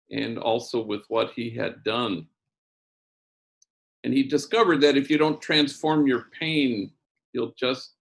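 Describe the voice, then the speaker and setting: A priest tells a story with a lot of expression, his voice rising and falling in pitch and volume. He speaks at a middle pitch in a conversational, unhurried way. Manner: animated storyteller with wide swings in pitch and loudness. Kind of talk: storytelling talk.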